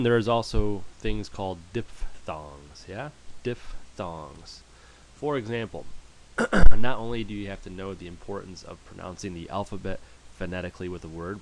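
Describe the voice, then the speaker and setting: A man's voice: lowish voice, a little hiss or hum. A man teaching German pronunciation in a screen-share lesson, patiently repeating each word for practice.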